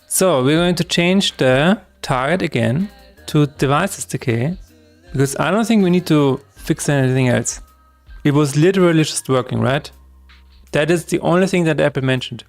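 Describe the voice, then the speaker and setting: A man's voice: on the high side, normal speed, faint music behind. A man streaming his game development work, talking through each step aloud in a chatty, self-correcting way. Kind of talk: live-streamed coding chat.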